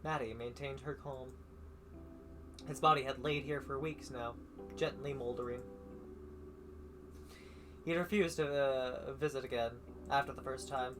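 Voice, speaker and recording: A man's voice: mid-range voice, fairly even intonation, a little slow, pauses often, over music. A man streaming a visual novel, reading every character's lines and the narration himself, stumbling now and then and adding his own asides.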